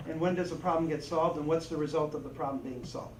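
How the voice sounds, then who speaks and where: A man training a group on storytelling, lively, acting out little voices and asides as he teaches. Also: a little high, brisk, few pauses. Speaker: presenter and trainer. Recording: echoey room, distant mic, faint noise.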